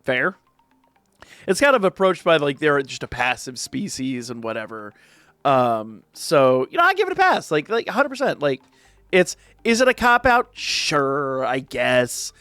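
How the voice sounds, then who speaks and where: A man with a slightly high voice chats through an anime episode review, animated and jokey, tripping over restarts and filler words. His voice is close and dry, with faint music playing behind him. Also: a little slow, dry recording. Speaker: reaction channel host.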